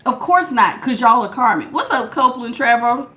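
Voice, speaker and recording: Loud, blunt woman tarot reader; high, carrying voice, sassy, laughs often, close on a good mic. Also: lively intonation, moderate pace. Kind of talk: live tarot reading, chatting with viewers. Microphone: good studio mic.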